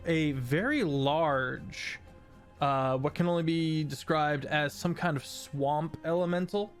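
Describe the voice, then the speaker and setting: A man narrating a tabletop game as game master, unhurried and full of fillers. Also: a little high, soft background music. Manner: unhurried, hesitant with many fillers.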